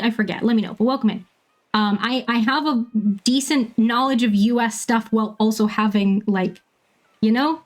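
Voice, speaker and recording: Chatty woman streamer, laughing a lot. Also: on the high side. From Bermuda. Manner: chatty, laughs often, lots of ums. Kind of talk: casual chat while playing a game.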